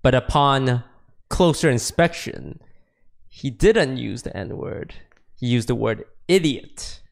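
A man's voice: mid-range voice, animated, slow pace, vocal fry. A man co-hosting a casual chat, recapping news in a dry way. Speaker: co-host.

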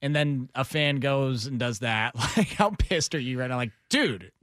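A man's voice: medium pitch, measured pace, fairly bright tone, dry recording, studio quality. A man co-hosting a sports radio show, joking in a laid-back way. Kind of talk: casual sports radio banter.

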